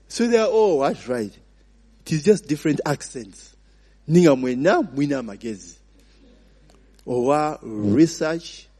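A Ugandan-accented man preaches a sermon in a medium-pitched, darkish voice, asking the congregation to finish his sentences in call-and-response and mixing in Luganda phrases. The long reverb of a large hall fills the recording.

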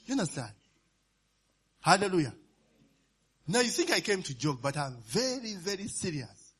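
A high-pitched, husky man preaches in a sermon style. His pitch swings widely as he checks in with his listeners and chuckles between points. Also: animated, normal speed, long pauses. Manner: call-and-response asides, often asks "you understand?" and "eh?", laughs while preaching.

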